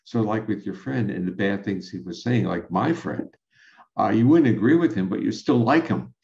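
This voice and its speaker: A man with a low, gravelly voice explains research in a measured, lecturing way, often restarting his phrases. The recording is roomy and dull, with a lo-fi edge. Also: darkish tone. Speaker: scientist guest. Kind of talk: explanatory conversation.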